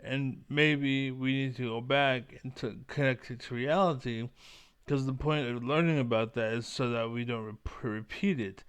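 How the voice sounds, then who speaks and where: A man vlogging a casual rant. He rambles and swears, leaning on "like" constantly. His voice is smooth and resonant at an ordinary male pitch. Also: fairly even intonation, moderate pace, fairly bright tone. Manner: rambling, profane, heavy use of "like". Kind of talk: casual ranting monologue.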